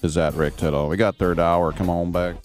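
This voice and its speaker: A man's voice: deep voice, fairly even intonation, a little fast, over music. A man from Richmond, California hosting a sports radio show, telling rambling, self-mocking stories in a casual chat. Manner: rambling, jokey, self-deprecating. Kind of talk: casual radio talk and storytelling.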